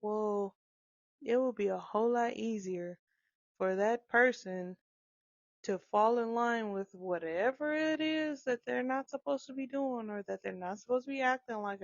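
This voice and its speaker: Woman chatting about parenting, gravelly voice, acts out little quotes, kinda dull dry recording. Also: a little high, moderate pace, no echo. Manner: animated, acts out quoted dialogue, frequent laughs. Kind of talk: casual monologue on parenting. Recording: dull, dry close-mic sound.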